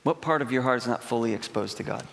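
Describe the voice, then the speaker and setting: Preaching in a large church, a middle-aged man tells stories in a conversational style and performs quotes with emphasis. He talks fast in a mid-range, fairly bright voice with vocal fry, and long hall reverb fills the recording.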